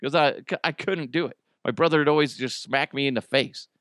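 Animated rambling male podcast host. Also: fairly quick, dry recording, studio quality. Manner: rambling, animated, jumps into high excited quotes. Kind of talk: casual chat.

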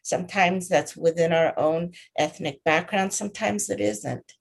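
A woman from the United States speaking in a slow, reflective, thoughtful way in casual conversation. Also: fairly low pitch, creaky, breathy edge.

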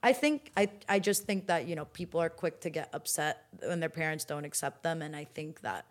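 A woman's voice: sits low, brisk. A young woman in her twenties talking casually as a guest in an interview, with many fillers and restarts. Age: 20s.

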